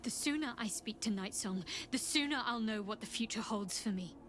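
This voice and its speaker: A woman voicing a guarded young female cleric in a video game, speaking in a measured, restrained, somber way. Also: on the high side, fairly bright tone, slight background noise, natural voice.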